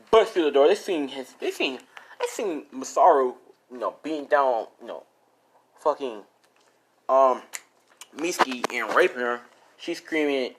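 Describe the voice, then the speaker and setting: A man improvising a spoken fan story, rambling and profane, correcting himself mid-sentence. His pitch jumps around animatedly, rising sharply on exclamations. He often laughs at his own lines. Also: lively intonation, moderate pace, pauses often.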